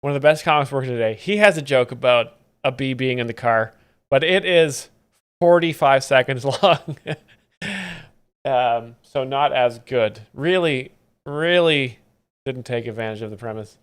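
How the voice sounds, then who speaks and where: A man with a smooth, clean voice talks over comedy clips on a live stream. He explains the jokes with mock-pedantic seriousness and a dry, deadpan delivery. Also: medium pitch, measured pace. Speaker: comedy commentator host.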